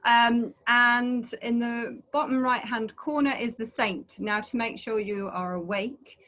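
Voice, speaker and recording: A woman's voice: fairly high pitch, fairly even intonation, a little slow, bright, forceful tone. A woman co-hosting an online adventure talk over a video call, chatty and rambling, with frequent fillers.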